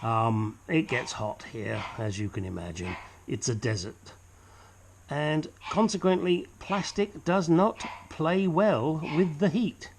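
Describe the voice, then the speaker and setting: This DIY car repair vlogger talks through a casual repair tutorial from his home workshop, chatting and joking as he goes. His voice is a little high and slow, with vocal fry and a little hiss or hum in the recording.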